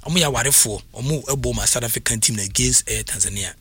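A man giving casual sports news commentary, talking excitably with emphatic repetitions and frequent restarts. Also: medium pitch, fast, breathy edge, dry recording.

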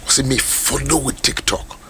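A man preaching a sermon as a pastor, animated and rising to shouts. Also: medium pitch, unhurried, a crowd in the background.

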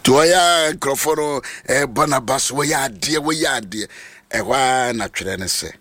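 A Ghanaian man preaching a sermon, mixing Twi and English and swinging from low speech to high shouts. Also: gravelly.

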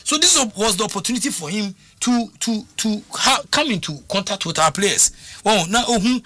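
A man speaks on talk radio in an animated, questioning way. His voice is very bright and sits a little high for a man. He keeps checking that his listeners follow him. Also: moderate pace, dry recording. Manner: animated, code-switching, repeats "you understand?". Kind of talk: casual talk radio commentary.

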